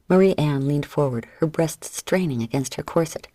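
A woman narrating an audiobook in an expressive storytelling manner. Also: sits low, moderate pace, hardly any pauses, dry recording, clean studio sound.

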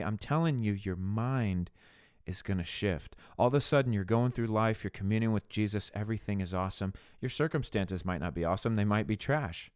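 A man's voice: lowish voice, clean tone, no echo, clean studio sound. A man preaching a podcast sermon, moving between earnest spoken prayer and urging his listeners on. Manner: earnest, exhorting, addresses listeners as guys.

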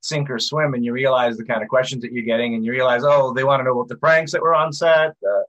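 A man's voice: mid-range voice, fast, highs cut off. A male actor in casual, rambling conversation on a video call. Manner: rambling, animated storyteller. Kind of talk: casual chat.

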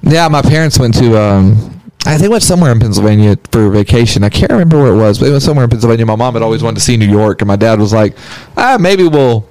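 A man's voice: fairly low pitch, mellow, no room sound. A man hosting a casual interview, easygoing and teasing his guest. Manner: easygoing, teasing, drawn-out "yeah" replies. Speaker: podcast host.

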